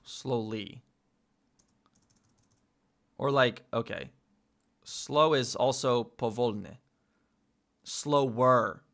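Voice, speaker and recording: A young man talks to himself in a casual study session, with a bright, forward tone. He drawls at an unhurried pace, stopping often to sound out unfamiliar words slowly and to correct himself mid-thought. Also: mid-range voice. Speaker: vlogger learning a language.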